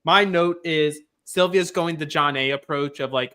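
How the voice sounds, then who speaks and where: A man co-hosting a casual podcast chat, quick and joking. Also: on the high side, bright, forceful tone, clear, resonant tone. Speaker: podcast co-host.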